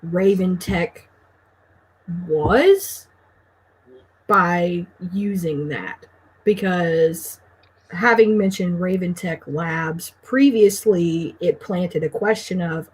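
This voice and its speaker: A woman co-hosting a casual book discussion, giving thoughtful, measured feedback. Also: on the low side, breathy edge, poor audio. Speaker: co-host. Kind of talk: casual chat.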